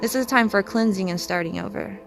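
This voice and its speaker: A woman with a middle-pitched voice talks earnestly about faith, reading scripture and circling back over her words. Her delivery is casual and rambling, with restarts as she gathers her thoughts. Faint music plays underneath. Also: quick pace, gravelly. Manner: earnest, rambling, repeats herself. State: freezing cold. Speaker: vlogger sharing faith messages. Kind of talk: casual spiritual talk and Bible reading. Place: outdoors at night, cold.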